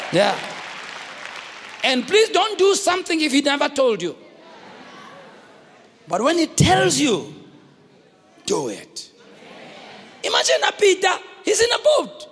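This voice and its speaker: A middle-aged South African man preaching a lively sermon as a bishop, often shouting and acting out the characters in his stories. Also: very high-pitched, creaky. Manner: animated, often shouting, acts out voices. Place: large church hall. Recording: live church recording with long reverb.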